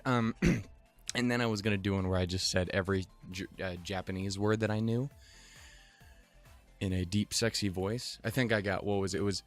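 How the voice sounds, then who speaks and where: A man's voice: fairly low pitch, fairly even intonation, moderate pace, soft background music. A man from Montana hosting a casual reaction video, giggly, swearing freely and poking fun at himself. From Montana, USA. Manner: giggly, profane, self-mocking.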